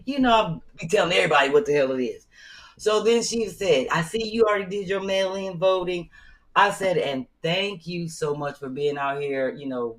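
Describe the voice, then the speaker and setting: A woman co-hosting a comedy podcast in casual chat, telling animated stories and acting out what people said. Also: sits low, rough recording. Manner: animated storytelling, acts out quotes. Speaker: podcast co-host.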